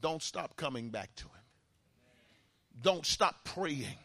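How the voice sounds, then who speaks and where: A man preaching a sermon who moves from quiet teaching into shouted, sung exhortation and calls to the congregation. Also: high voice, huge pitch swings, slow, creaky, no room sound, clean studio sound. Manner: fervent call-and-response exhortation.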